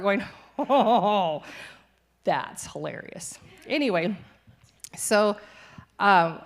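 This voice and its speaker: A young adult woman, a missionary, giving a cheerful church testimony and laughing easily through hard news. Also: on the low side. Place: church sanctuary.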